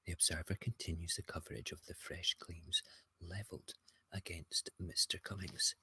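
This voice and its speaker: Husky man ranting over headlines. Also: deep voice, fairly even intonation, normal speed, sharp tone, no room sound, whispered. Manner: gleeful, mocking, ranting commentary on headlines. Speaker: host. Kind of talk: casual morning news rant.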